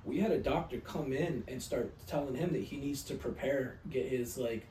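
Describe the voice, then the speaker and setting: Heard from a distance in a roomy space with a faint hum of noise, this man co-hosts a podcast in casual chat. He rambles through long anecdotes full of swearing, his mid-range voice mellow and moderately paced.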